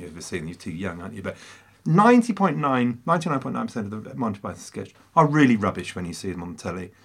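A man's voice: medium pitch, a bit bright, slightly rough. A man co-hosting a casual film discussion, theatrical and emphatic, with a teasing way of arguing his point. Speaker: podcast co-host.

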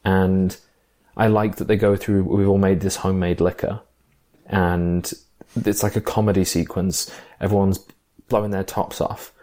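A man with a fairly low voice chats about films with a friend, enthusiastic and a little rambling. He often stops to rethink a sentence, with plenty of "um" and "like", and keeps the tone easygoing. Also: little pitch movement, normal speed, dark tone. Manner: enthusiastic, thinks aloud with fillers and restarts. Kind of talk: casual film discussion.

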